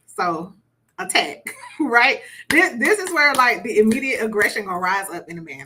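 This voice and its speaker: A woman with a fairly high voice leads an informal coaching session. She talks in a chatty way and leans on repeated words to stress a point. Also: big pitch swings, normal speed, bright, forceful tone, husky. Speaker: relationship coach. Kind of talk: conversational online workshop teaching.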